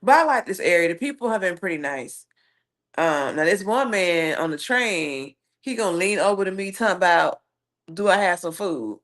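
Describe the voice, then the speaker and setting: A woman with a Southern US accent hosts a casual live stream, reading viewer comments and telling stories in a sassy, animated way. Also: lowish voice, moderate pace. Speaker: livestream host.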